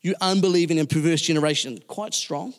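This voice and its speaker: A man delivers a sermon in a loose, chatty way, restarting phrases and filling pauses. His voice sits a bit high for a man. The sound carries a long reverb from a church hall. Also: fairly even intonation. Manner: conversational, with many fillers and restarts. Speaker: pastor.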